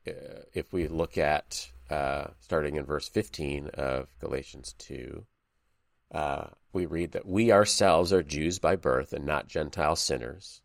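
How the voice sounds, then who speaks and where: A man's voice: a bass voice, dry recording, studio quality. A man hosting a conversational Bible study, thoughtful, reading passages aloud between fillers. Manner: thoughtful, reads scripture aloud, many fillers. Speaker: podcast host leading Bible study. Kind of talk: casual conversational Bible discussion.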